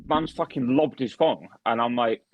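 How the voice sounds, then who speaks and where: A man's voice: medium pitch, normal speed. A young man co-hosting a podcast, telling a story in casual chat, swearing heavily with lots of restarts and fillers. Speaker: podcast co-host and barman. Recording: dry, dull lo-fi podcast mic.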